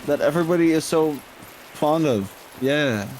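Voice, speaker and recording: A man's voice: fairly high pitch, expressive, moderate pace, darkish tone, slight background noise, low-quality recording. A man chatting playfully and jokingly with friends on a live stream. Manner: playful and silly. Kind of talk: casual chat. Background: game music.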